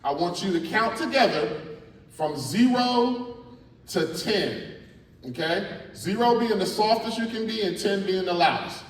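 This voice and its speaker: A middle-aged man, a spoken word artist giving a lively, playful workshop talk to students in a large school hall. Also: high voice, a little slow. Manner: animated and playful, coaching the crowd. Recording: echoey hall from far off.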